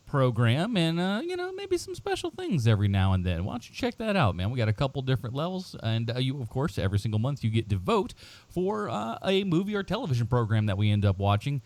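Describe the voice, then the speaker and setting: A man's voice: mid-range voice, huge pitch swings, fast talker, darkish tone, no room sound. A middle-aged man hosting a casual podcast, rambling with many fillers and frequent laughter. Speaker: podcast host.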